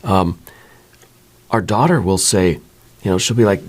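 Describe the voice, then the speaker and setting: Low-voiced man giving calm tarot readings. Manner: reassuring, unhurried, frequent "right?" tags. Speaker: tarot reader. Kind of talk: soft-spoken ASMR tarot reading.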